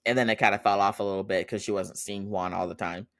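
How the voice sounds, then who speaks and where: A man's voice: lowish voice, steady tone, fast talker, a bit bright. A man hosting a podcast, casually recapping a TV episode in a chatty way and laughing often as he retells it. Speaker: podcast host.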